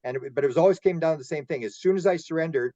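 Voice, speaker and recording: A man's voice: fairly high pitch, racing, warm tone, dry recording. Rambling man on dull audio. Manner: rambling, repeats words while telling stories. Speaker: roundtable guest researcher. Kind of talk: casual roundtable discussion.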